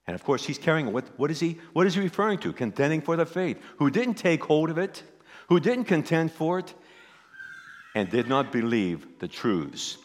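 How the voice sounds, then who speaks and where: Animated male preacher in an echoey hall. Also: on the high side, normal speed. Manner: emphatic, repeats key phrases. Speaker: pastor. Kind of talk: sermon.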